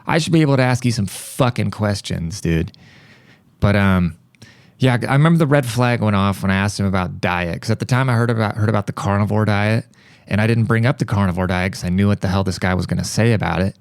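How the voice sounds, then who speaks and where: A young man hosting a podcast, telling a story in a rambling, profane, animated way. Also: fairly low pitch, fast, creaky, clear, resonant tone, no room sound. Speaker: podcast host. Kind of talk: casual monologue.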